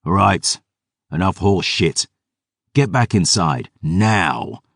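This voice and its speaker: A man voicing a wrathful, weary veteran warrior who speaks in a gruff, growling way. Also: sits low, animated, extremely slow, a bit bright, no echo, studio quality, heavily acted. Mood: angry.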